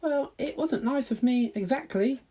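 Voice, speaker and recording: A man voicing a small, always hungry baby barn owl in a high, eager, childlike voice. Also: normal speed, dark tone. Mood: nervous.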